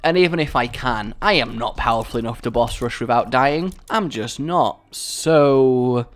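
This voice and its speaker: A young man casually chatting through a video game he is playing, with chatty, self-deprecating talk and sudden excited outbursts. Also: mid-range voice, unhurried. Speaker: gaming video host. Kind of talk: casual let's-play commentary.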